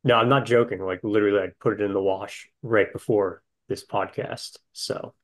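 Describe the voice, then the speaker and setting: A laid-back man jokes around as a contestant in a podcast game. His voice sits low. His delivery stays easygoing. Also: fairly even intonation, normal speed. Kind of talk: casual podcast banter.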